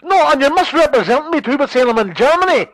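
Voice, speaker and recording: A man's voice: very high-pitched, lively intonation, quick pace, a little hiss or hum, rough recording. A man in a heated, sweary phone argument, talking over the other side and insisting on his point. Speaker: online promoter.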